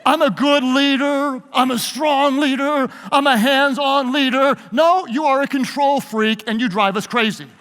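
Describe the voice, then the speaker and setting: A man's voice: very high-pitched, steady tone, a little slow, hardly any pauses, a bit bright. A man preaching a leadership sermon, leading his audience in call-and-response. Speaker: pastor. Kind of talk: sermon-style leadership talk. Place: large hall with live audience. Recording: long hall reverb.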